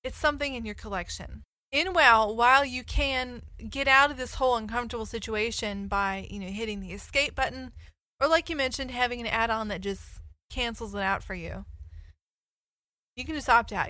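A woman co-hosts a casual podcast, talking through her ideas at length. Her voice is bright and slightly high. It sounds dry and close. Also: fairly quick, dry recording. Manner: chatty, explains ideas at length. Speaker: podcast co-host. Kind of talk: casual chat.

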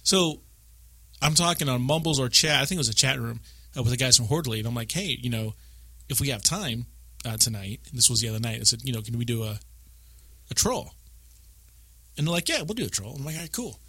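Man, casual podcast chat, rambling animated storyteller, bright voice, dry close sound. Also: medium pitch, fast talker, no room sound. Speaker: podcast co-host. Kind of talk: casual chat about a video game.

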